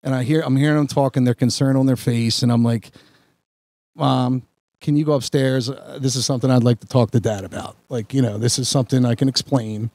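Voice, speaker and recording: A man on a podcast, telling a long story in a rambling, animated way with many restarts. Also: mid-range voice, fairly quick, no echo. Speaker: podcast host. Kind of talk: casual storytelling chat.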